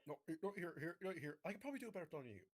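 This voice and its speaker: Fast-talking, teasing male gamer. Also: a little high, sing-song. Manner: teasing, rapid and profane. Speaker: player. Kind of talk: casual banter.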